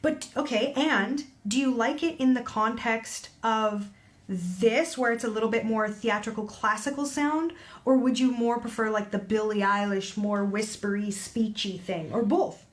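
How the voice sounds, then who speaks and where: A woman's voice: on the high side, measured pace. A woman vocal coach breaking down a singer's technique in reaction commentary, analytical and demonstrating sounds as she explains. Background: faint music playing.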